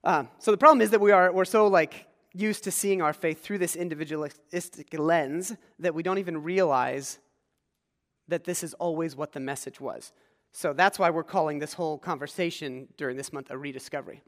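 Pastor, male, from rural Pennsylvania, high-ish voice, chatty sermon, long church reverb. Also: normal speed. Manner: conversational, engages congregation with questions. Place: church sanctuary.

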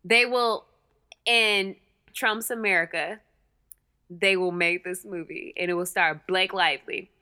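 A woman's voice: on the low side, fairly even intonation, a little slow, sharp tone, clear, resonant tone. A young woman co-hosting a podcast in casual chat, playful and joking, using casual slang. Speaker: podcast co-host.

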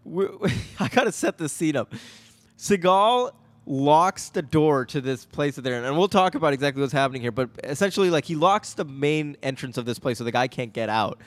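A man's voice: fairly high pitch, animated, fairly quick, no room sound. A man co-hosting a casual chat, recapping a movie with lots of laughter and quoted lines. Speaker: podcast co-host.

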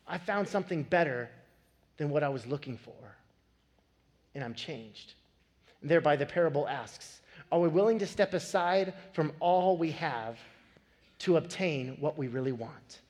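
A man in his thirties preaching a sermon, telling a family story with animated, building emphasis. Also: high-pitched, moderate pace. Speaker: pastor. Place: church sanctuary. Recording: long hall reverb.

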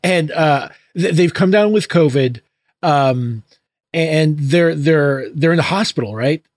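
A man co-hosting a casual book-club podcast, talking in a halting way with many restarts. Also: a little high, lively intonation, dry recording, clean studio sound. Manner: halting, full of fillers and restarts, laughing. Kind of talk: casual chat.

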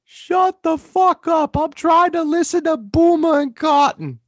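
A brash, nagging mother with an exaggerated Long Island accent, as a man puts her on in a voice pitched far above his own. She barks orders across the house, loud and shrill, in a dry, close recording. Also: unhurried, no room sound.

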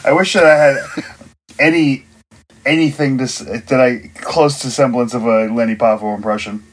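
A man co-hosting a podcast remotely, chatting casually and firing off quick jokes and questions. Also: mid-range voice, fairly even intonation, breathy edge, low-quality recording. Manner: quick quips and joking questions. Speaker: podcast co-host. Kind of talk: casual chat. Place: recording remotely.

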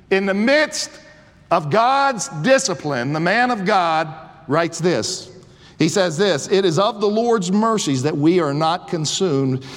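A man's voice: sits high, long reverb tail. A man in his sixties preaching a sermon, swelling with fervor and often restarting his sentences. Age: 60s. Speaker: pastor.

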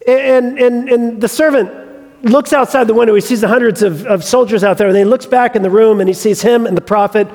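A man's voice: very high-pitched, brisk, a little mellow, big-room sound. A male pastor preaching a sermon, retelling a story with humorous asides.

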